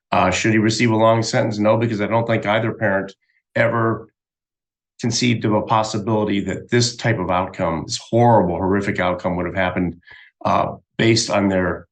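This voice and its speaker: Man attorney on a panel, low voice, measured and a bit hesitant. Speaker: attorney guest. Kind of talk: panel discussion.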